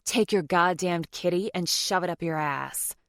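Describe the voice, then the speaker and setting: A woman narrator voicing a fiery, sharp-tongued young bride. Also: on the low side, moderate pace, dry recording, studio quality. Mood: defiant cutting. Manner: cutting, defiant.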